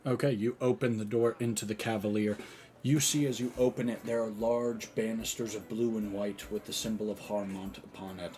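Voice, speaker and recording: A man's voice: on the low side, steady tone, normal speed, darkish tone. A man narrating a tabletop game as game master, casual and descriptive.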